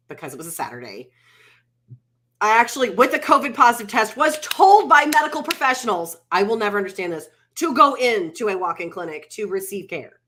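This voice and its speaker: A woman's voice: on the low side, fairly bright tone. A middle-aged woman co-hosting a casual chat show, telling a story with animation and acting out what people said. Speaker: podcast co-host.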